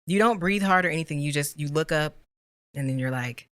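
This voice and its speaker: A woman's voice: low voice, brisk, no echo. A young woman co-hosting a casual chat, telling stories and teasing her partner. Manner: teasing, animated storytelling. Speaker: co-host.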